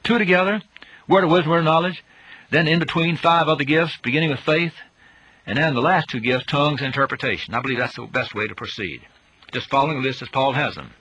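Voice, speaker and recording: A man's voice: on the high side, fast, bright, forceful tone, breathy edge, no echo, dull audio. A man giving a Bible teaching, emphatic, his voice rising on rhetorical questions.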